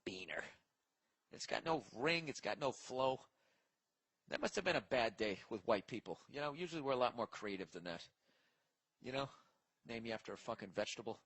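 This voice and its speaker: A man's voice: medium pitch, very animated, moderate pace, long pauses, a bit bright, breathy edge, rough recording. A man hosting a comedy podcast, ranting profanely and rambling as he reacts to listener mail. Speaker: podcast host. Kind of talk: casual comedic podcast rant.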